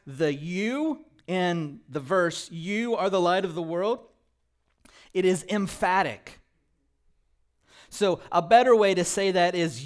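A man preaching a sermon from the pulpit of a church, his voice sitting a little high for a man. He takes his time and speaks with deliberate slowness. He drops to near-whispers and then builds to loud, emphatic declarations. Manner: swings from soft and low to loud and emphatic. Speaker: pastor. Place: church sanctuary.

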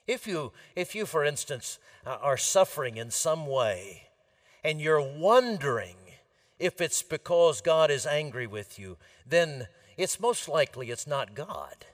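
A man preaching a sermon in an earnest way, building to emphatic repeated lines and then dropping soft and low.

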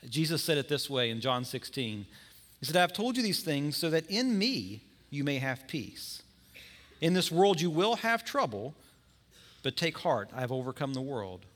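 A man's voice: on the high side, very animated, normal speed, a bit bright. A man preaching a sermon in a conversational way, now and then acting out the people in his story. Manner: conversational preaching with acted-out scenes. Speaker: pastor.

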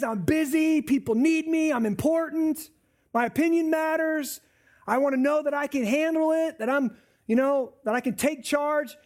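A man preaches in a high, animated voice. He keeps a conversational tone and slips into little acted-out voices of anxious people. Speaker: pastor. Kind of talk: sermon.

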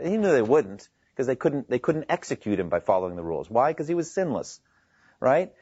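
A man preaching a sermon in a conversational, animated way, acting out scripture quotes with his voice rising high. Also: a little fast, no echo, highs cut off.

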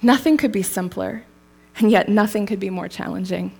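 A woman's voice: medium pitch, moderate pace, creaky, a little mellow, husky. A woman preaching a sermon in a casual, storytelling way, laughing lightly now and then.

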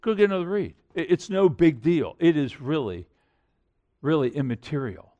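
A man's voice: on the high side, animated, normal speed, dark tone, lo-fi sound. A middle-aged man preaching a sermon in an earnest, conversational way, building to emphatic points. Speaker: pastor.

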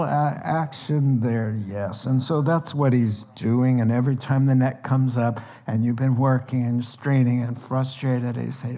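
Animated man preaching a sermon, lo-fi. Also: medium pitch, measured pace. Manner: lively storytelling, acts out sounds and dialogue. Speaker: pastor.

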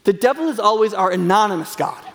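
A man with a high voice preaches in an earnest, conversational way, often breaking into fillers and restarts. His words ring out with a long reverb, as if carried through a large hall. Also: animated, fast. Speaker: pastor. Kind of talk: sermon.

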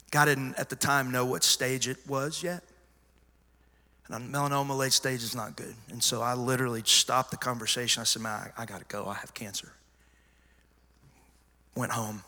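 A middle-aged man preaching a testimony sermon, telling his story emphatically and moving from hushed asides to loud cries. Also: medium pitch. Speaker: pastor. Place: large church sanctuary. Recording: long church hall reverb.

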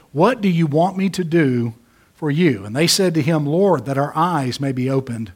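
A man preaching a sermon, rising to emphatic peaks and dropping low. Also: animated, moderate pace, darkish tone, husky. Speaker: pastor.

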